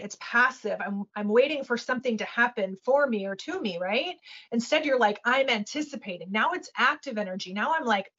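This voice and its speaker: Animated high-voiced woman coaching on a webinar. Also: slightly rough, highs cut off. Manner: animated, acts out little voices, says "right?" often. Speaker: webinar guest speaker. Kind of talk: casual webinar coaching talk.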